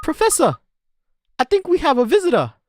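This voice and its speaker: A woman voicing an eager, excitable young boy apprentice in a video game playthrough. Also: high voice, a little fast, faint music behind, voice pushed up. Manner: excited and exclamatory.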